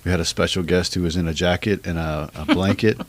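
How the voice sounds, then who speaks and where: A man's voice: low-pitched, steady tone, quick pace. A male pastor hosting a casual church podcast, easygoing and joking as he steers the talk. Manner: easygoing, joking, leads the conversation.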